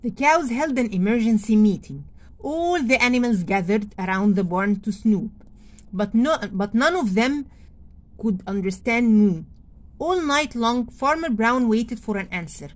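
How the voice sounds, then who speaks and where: A woman whose first language is Arabic reads a children's storybook aloud as a teacher, with slow, expressive delivery and pauses to ask the class questions. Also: on the high side. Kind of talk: read-aloud story lesson for young children.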